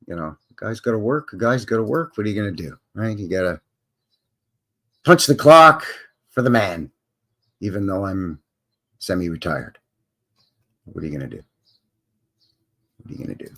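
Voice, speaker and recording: This livestream host is an older Canadian man whose lowish voice is sing-song and fairly bright, moving at a moderate pace with long pauses. His casual live chat wanders folksily, full of jokes and slangy side remarks.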